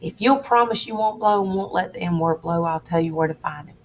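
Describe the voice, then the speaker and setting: Woman doing a scheming middle-aged con man, drawling, bossy, lower voice, faint hiss. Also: fairly quick, natural voice. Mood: threatening.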